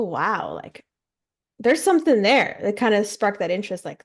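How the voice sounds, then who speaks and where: A woman co-hosting a podcast in casual chat, candid and self-deprecating. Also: on the low side. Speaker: co-host.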